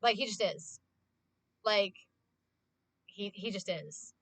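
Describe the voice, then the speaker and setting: A young woman livestreamer chatting casually with her viewers, gushing and fast, with lots of "like". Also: mid-range voice, fairly bright tone, no room sound. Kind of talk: casual chat to stream viewers.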